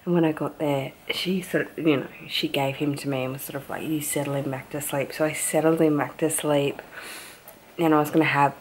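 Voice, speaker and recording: Chatty low-voiced Australian woman vlogging. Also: fairly even intonation, a little fast, slight background noise. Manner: chatty and rambling, hushed at times. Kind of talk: casual vlog chat. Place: at home.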